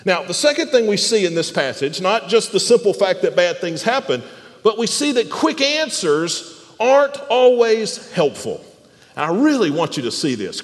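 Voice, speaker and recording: Throwing questions at his congregation, a preacher repeats words to restart his phrases, his high and very animated voice swinging up and down. The sermon resounds with the long reverberation of a church hall.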